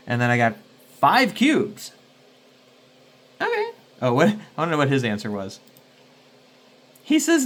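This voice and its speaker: A man's voice: a little high, wildly swooping pitch, measured pace, pauses often, a bit bright. A man casually playing a solo tabletop game, rambling and thinking aloud to himself. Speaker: solo game player and host.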